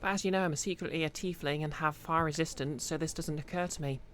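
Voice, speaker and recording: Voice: mid-range voice, fairly even intonation, quick pace, a bit bright, slight background noise. A streamer, chatting casually to viewers while playing, rambling with many fillers. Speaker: game streamer.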